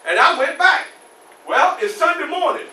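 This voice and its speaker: A male reenactor playing a formerly enslaved man who recounts his youth in an animated one-man stage show, shouting at tense moments, in a library room. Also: very high voice, normal speed, full character voice. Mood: wry. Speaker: historical reenactor. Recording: roomy library room, mic far off.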